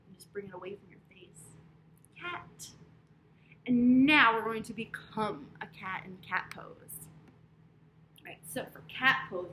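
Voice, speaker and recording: A woman with a high voice reads a picture book to young children, drawing out her words in a slow, sing-song way. She coaxes the kids through animal poses and hand signs. The room around her is echoey. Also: fairly bright tone, a little hiss or hum. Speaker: children's storyteller and yoga teacher. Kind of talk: reading a picture book with yoga and sign language for kids.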